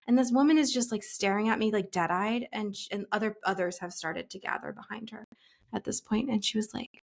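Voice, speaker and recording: Woman, 40s, podcast guest, animated storyteller, acts out the voices, middle pitch. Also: a little fast, vocal fry. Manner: breathless storyteller, acts out quoted voices, frequent laughs. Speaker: casting director, podcast guest. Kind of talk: animated anecdote telling.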